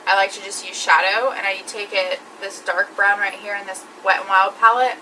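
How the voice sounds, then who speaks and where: A woman's voice: medium pitch, level tone, normal speed, sharp tone, distant mic, slight background noise, poor audio. A woman talking through her makeup routine step by step in a chatty vlog. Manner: chatty, explains each step. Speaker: beauty vlogger. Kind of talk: makeup tutorial.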